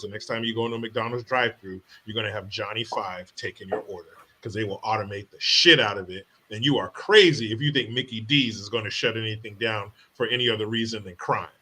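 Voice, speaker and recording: A man hosts a comedy podcast and rants with profane, mocking commentary. His voice is bright and forceful, pitched in the middle range for a man. He swears freely and scoffs at the things he discusses. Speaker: podcast host.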